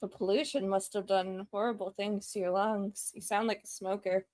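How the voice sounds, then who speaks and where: This player, a woman, has a mid-range, darkish voice with a level tone and moderate pace, recorded without room sound. Chatty and loose in a casual tabletop RPG, she fills her scene descriptions with plenty of fillers.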